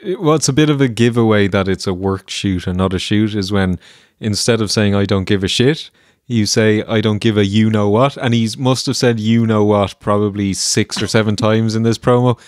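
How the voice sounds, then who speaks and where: A man's voice: lowish voice, normal speed, hardly any pauses, no echo, clean studio sound. A man co-hosting a podcast, wry and sarcastic, acting out quotes as he talks. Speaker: podcast co-host. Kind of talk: casual banter.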